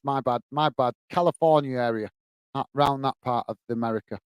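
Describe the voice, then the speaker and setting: A man hosting a football watch-along, commentating on the match and chatting warmly with viewers in the chat. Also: mid-range voice, fairly quick, clear, resonant tone, no echo. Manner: chatty, says "mate" a lot, reads chat messages aloud.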